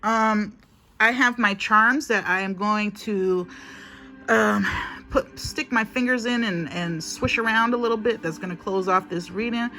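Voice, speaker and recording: A woman gives a casual spiritual reading into her phone, her voice sitting at a mid pitch. She is chatty and emphatic and circles back over her own phrases. Faint music plays behind her. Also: unhurried, bright, forceful tone. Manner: chatty, repetitive, emphatic, often addresses viewers as honey. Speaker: spiritual reader.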